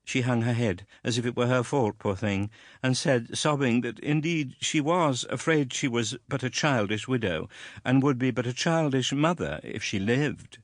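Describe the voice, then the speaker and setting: A man narrating a classic novel in a measured, expressive storytelling manner. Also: medium pitch, no room sound, clean studio sound. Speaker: audiobook narrator.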